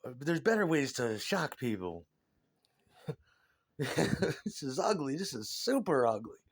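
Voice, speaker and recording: A man's voice: a little high, very animated, slow pace, breathy edge. A man talking casually in an interview, ranting and scornful, with lots of swearing.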